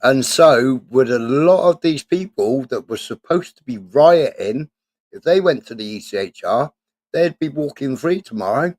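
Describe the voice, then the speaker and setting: A man's voice: medium pitch, expressive, moderate pace, darkish tone, no echo. A man hosting a casual live-stream debate, repeating himself and tagging lines with "right" and "yeah". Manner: repetitive, keeps adding "right" and "yeah". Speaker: stream host.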